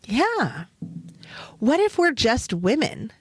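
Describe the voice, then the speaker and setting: A woman hosting a wellness podcast, speaking directly to the listener in a gentle, reflective, encouraging way. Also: sits high, sing-song, slow, husky, no echo. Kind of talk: gentle motivational talk.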